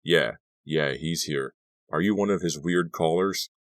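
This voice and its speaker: Male reader as a gruff drawling cop father, middle-aged; storybook; very deep voice. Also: a little slow, no room sound. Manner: drawling, businesslike.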